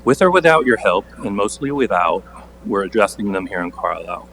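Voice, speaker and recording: A man's voice: fairly low pitch, expressive, brisk, slight background noise, poor audio. A man on a borough council reading a prepared statement at a public meeting, pointed and sarcastic, pushing hard on key words. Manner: pointed, sarcastic, building to forceful emphasis.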